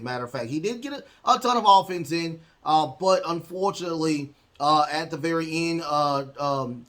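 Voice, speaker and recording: A man's voice: a little high, a bit bright. A man hosting a podcast, recapping wrestling matches in a rambling way with lots of ums and uhs. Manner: rambling, heavy fillers, acts out quotes. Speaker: podcast host.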